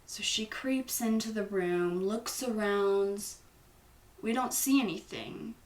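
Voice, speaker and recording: A woman's voice: mid-range voice, takes it slowly, reverberant, far from the mic. A young woman hosting a casual movie recap, chatty and playful, acting out the characters' lines. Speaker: host.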